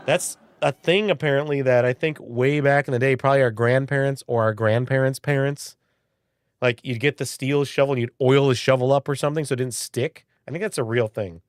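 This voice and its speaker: An early-forties man hosts a live stream in a medium-pitched voice that runs a little fast, recorded with studio quality and no echo. He rambles and chats casually, reads viewers' messages aloud, and swears now and then.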